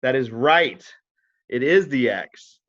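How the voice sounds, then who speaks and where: A man's voice: mid-range voice, lively intonation, takes it slowly, a bit bright, lo-fi sound. A man co-hosting a casual chat show, teasing and ribbing his friend. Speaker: co-host.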